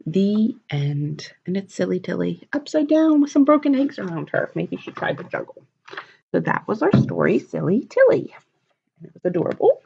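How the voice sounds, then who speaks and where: Animated woman reading children's storytime. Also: medium pitch, moderate pace, vocal fry, slightly rough. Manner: animated, asks children questions. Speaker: children's librarian. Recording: dull lo-fi recording.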